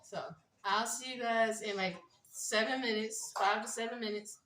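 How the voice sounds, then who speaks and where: A woman chats loosely to her viewers, mildly high and drifting through fillers and lost thoughts. Her voice is bright and forward, but it is caught by a phone set back from her. The small room around her adds a clear echo. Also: fairly even intonation, recorded from a distance. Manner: loose, rambling, halting with many fillers. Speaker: vlogger. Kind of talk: casual vlog chat.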